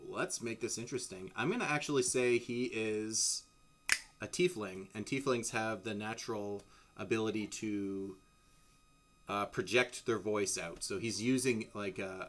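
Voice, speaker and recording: Casual guy dm on a live stream, bright tense voice, lots of ums and restarts. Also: on the low side. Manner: rambling, many restarts and fillers. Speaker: game master. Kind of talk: casual tabletop game narration. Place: home streaming setup.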